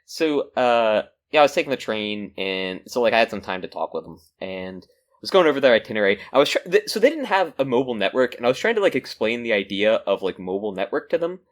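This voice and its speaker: Man with lively, uneven pacing. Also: mid-range voice. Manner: words ebb and flow, fast bursts then very slow. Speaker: podcast co-host. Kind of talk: casual chat. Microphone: remote call mic.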